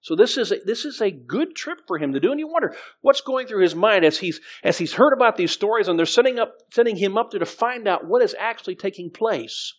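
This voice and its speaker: A man's voice: high-pitched, animated, fairly quick, hardly any pauses, breathy edge. A middle-aged man preaching as pastor, conversational, with frequent restarts and scripture readings. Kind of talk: sermon.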